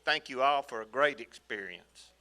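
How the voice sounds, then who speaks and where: A middle-aged man with a Louisiana accent, an auctioneering student calling bids in a rapid, repetitive auction chant at a sale in an auction hall. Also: medium pitch, bright, forceful tone, slight background noise.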